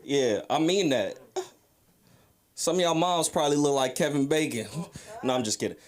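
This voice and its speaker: A man's voice: fairly high pitch, lively intonation, normal speed. A drunk man doing a crude, rambling open mic stand-up set on a comedy club stage, roasting the crowd. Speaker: stand-up comic.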